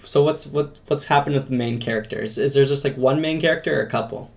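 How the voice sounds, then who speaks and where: A man's voice: mid-range voice, fast talker, vocal fry. Man, podcast host, casual chat, rambling questions, laughs easily.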